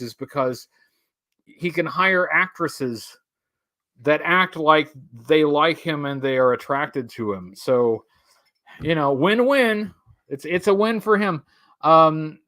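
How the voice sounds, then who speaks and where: A man with a notably high voice hosts a live stream, talking to his viewers in loose, casual chat. He rambles and wanders off topic with a wry, chatty manner. The sound is dry and close, with no room around him. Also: a bit bright, no echo.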